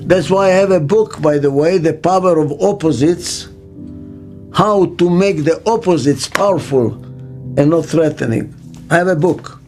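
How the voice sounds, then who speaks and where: An older man giving an interview as a business consultant, speaking slowly and emphatically and repeating key words for stress. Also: a little high, a little mellow. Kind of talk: reflective interview monologue. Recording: faint music underneath.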